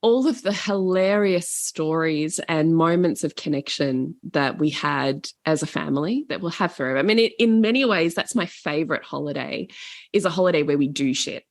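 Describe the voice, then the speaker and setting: A woman in her forties with an Australian accent, a podcast guest telling family travel stories in a lively, casual way, swearing freely. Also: deep voice, normal speed, no room sound, clean studio sound. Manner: animated, swears casually, laughs often. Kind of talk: casual storytelling.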